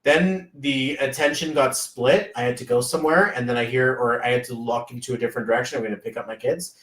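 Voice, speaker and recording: A man's voice: mid-range voice, steady tone, fast talker, fairly bright tone, recorded from a distance. A man hosting a casual live stream as a business coach, rambling and hypey, often slipping into quoted voices. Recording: echoey room, voice off-mic.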